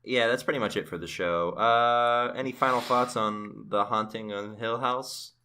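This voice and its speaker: A man's voice: medium pitch, normal speed, bright, forceful tone, slight background noise. A man hosting a podcast in casual chat, dry and steering the talk. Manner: dry, wraps things up. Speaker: podcast host.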